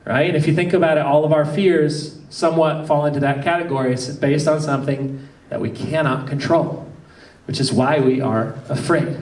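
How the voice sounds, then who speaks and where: High-voiced pastor in an echoey room. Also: male voice, darkish tone. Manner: storytelling, chatty with many restarts. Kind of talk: conversational sermon. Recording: echoey room, distant mic.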